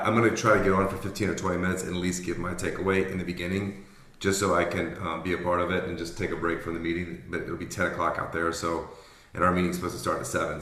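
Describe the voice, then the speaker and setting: A deep-voiced man rambles through casual chat as the leader of a book club, bright and forceful in tone. He keeps apologizing and poking fun at himself. The online call leaves a roomy echo on his voice. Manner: rambling, apologetic, self-deprecating.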